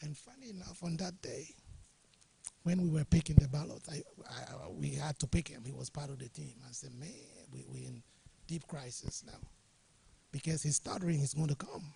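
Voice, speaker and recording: A middle-aged Ghanaian man, guest speaker at a workshop, spins jovial anecdotes and chuckles often, talking fairly quickly. His voice is on the high side, warm with vocal fry. There's a little hiss or hum in this studio or workshop room recording.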